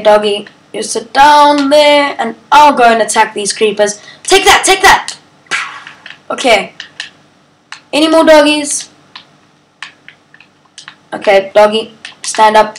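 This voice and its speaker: A gaming channel host, a woman with a slightly high voice, chats casually and playfully about her gameplay. She breaks into sing-song chants and baby talk to her pets, and the audio quality is poor.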